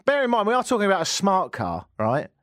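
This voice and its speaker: A man hosting a radio show, telling a joking story in an animated way from a studio. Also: high voice, fast talker, no room sound. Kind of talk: comic radio monologue.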